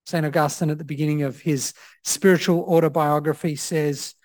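Man, pastor, sermon, reflective, unhurried with fillers, dry close sound. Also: fairly high pitch, fairly even intonation, darkish tone, no room sound. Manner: measured, reflective, with frequent "uh" fillers.

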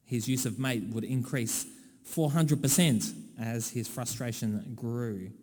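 An Australian man delivers a sermon in a relaxed, conversational way with wry, dry asides. His voice is mellow and warm. The long reverb of a large hall trails after each phrase. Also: mid-range voice, slow pace. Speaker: preacher.

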